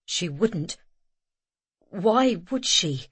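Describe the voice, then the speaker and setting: A woman voicing a gruff grown man, speaking low and slow, muttering in alarm. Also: lively intonation, dry recording, exaggerated voice.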